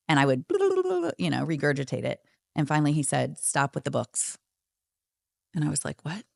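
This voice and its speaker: A woman with a low voice and a gravelly edge speaks as a podcast guest, reflective and candid. The sound is dry and close, with no room around it. She brings back past conversations by acting out the other voices. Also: dry recording. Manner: reflective, acts out quoted friends and therapist. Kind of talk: candid storytelling.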